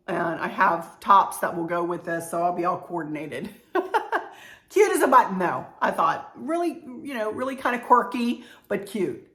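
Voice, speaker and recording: A woman's voice: lowish voice, a bit bright. Chatty woman in her sixties, echoey room. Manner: chatty, gushing, frequent "you know" and "cute". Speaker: home decor vlogger. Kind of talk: casual show-and-tell vlog.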